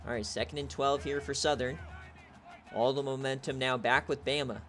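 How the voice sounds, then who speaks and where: A young man giving play-by-play commentary on a video game football stream, excitable and shouting on big plays. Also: medium pitch, normal speed, soft background music. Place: home setup, streaming.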